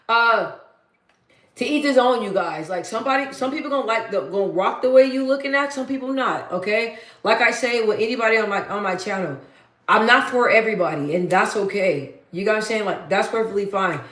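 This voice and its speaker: A woman with a deep, bassy voice chatting casually as host of her livestream, blunt and matter-of-fact and repeating herself for emphasis. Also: fairly quick, a bit bright. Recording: roomy echo.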